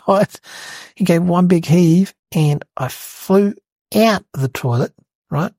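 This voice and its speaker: A man voicing an excitable, rambling young schoolboy, telling a comedic story. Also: high voice, slow, no room sound, heavily acted. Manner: breathless rambling storyteller, lots of "like" and "guys".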